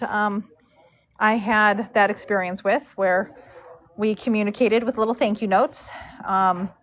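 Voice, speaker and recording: A woman hosting a live stream, telling a story in a chatty, animated way and acting out both sides of the dialogue, recorded in a barn. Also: mid-range voice, slight background noise. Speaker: horse braider and live-stream host.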